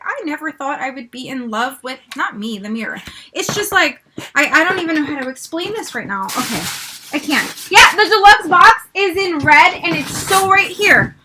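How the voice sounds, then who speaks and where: A woman in her forties hosting an unboxing vlog, excitable, gasping and squealing as she talks. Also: sits high, normal speed, background noise. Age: 40s. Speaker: vlogger.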